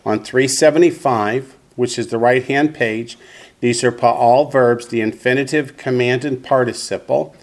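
A man teaching a class, explaining slowly and deliberately and leading the group in repeating words. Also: medium pitch, steady tone. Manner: slow, deliberate explanations, leads group repetition. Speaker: Hebrew teacher. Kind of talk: classroom lesson with call-and-response.

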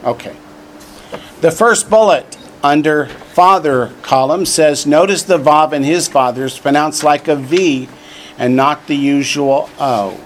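A Hebrew teacher whose voice sits on the high side runs his class through slow, drawn-out repetition of word forms. He throws in jokes along the way, and the audio carries a little hiss or hum.

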